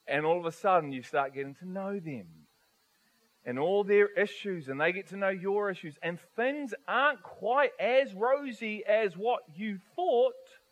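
Animated high-voiced male preacher. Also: measured pace, low-quality recording. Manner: animated, rhetorical questions, varies volume widely. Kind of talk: sermon.

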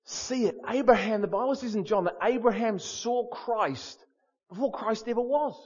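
Male preacher, lively and emphatic, higher voice, slightly muffled lo-fi sound. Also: normal speed, husky. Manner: animated, storytelling, emphatic repetition. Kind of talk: sermon.

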